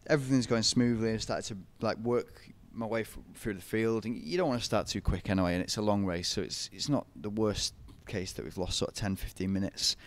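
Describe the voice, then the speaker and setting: Chatty young man, lowish voice. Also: fairly quick, few pauses. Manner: chatty, animated, laughs often. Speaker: podcast guest, ultra runner. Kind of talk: casual storytelling interview.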